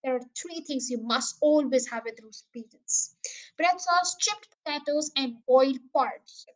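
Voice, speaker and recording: A woman's voice: high voice, unhurried, poor audio. A woman voicing a jubilant father in a storybook reading, talking in a grand, exuberant way. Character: jubilant grown man, a boy's proud father.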